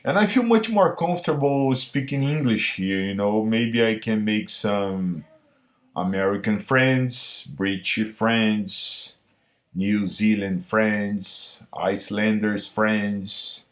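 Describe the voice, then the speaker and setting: A man hosting his own channel, talking alone to camera in a deliberate way, with each phrase built on the one before. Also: lowish voice. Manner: slow, deliberate, repetitive phrasing. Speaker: YouTube channel host. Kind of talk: solo vlog monologue.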